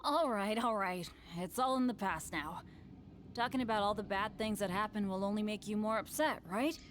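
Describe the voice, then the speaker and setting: A woman's voice: mid-range voice, normal speed, a little hiss or hum, lightly acted. A woman voicing a cheerful, apologetic teenage boy adventurer in a game. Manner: upbeat, apologetic. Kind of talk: game voice acting.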